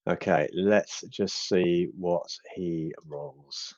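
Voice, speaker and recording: A man narrating as game master in a relaxed, hesitant way. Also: sits low, very slow, no room sound, dull audio. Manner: relaxed, hesitant, with many fillers.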